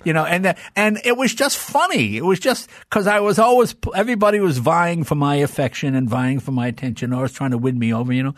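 Animated man spinning childhood stories. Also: on the high side, fast talker, hardly any pauses, no echo, clean studio sound. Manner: animated, fond of doing voices. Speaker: guest. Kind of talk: storytelling in casual conversation.

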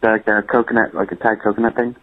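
A man's voice: on the low side, level tone, quick pace, voice pushed down, close to an everyday voice. A man playing an easygoing guy answering a prank phone call, heard over a tinny line. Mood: casual.

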